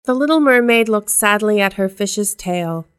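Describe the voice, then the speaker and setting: A woman narrating a storybook aloud in a calm, measured way. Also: mid-range voice, clear, resonant tone.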